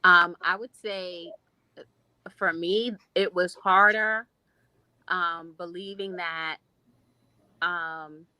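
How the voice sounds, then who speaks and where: A woman's voice: lowish voice, steady tone, takes it slowly, pauses often, pushed and bright, clear, resonant tone, dry recording, rough recording. A woman in her thirties, a podcast guest, telling a personal story in a heartfelt, reflective way. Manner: heartfelt, reflective, speaks in long flowing runs. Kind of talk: personal testimony in a podcast interview.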